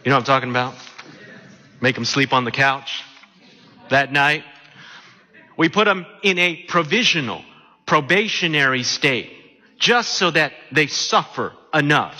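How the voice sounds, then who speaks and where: A man preaching a sermon, animated and often asking his listeners questions. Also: a little high, slightly rough. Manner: animated, asks the congregation questions. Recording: long hall reverb.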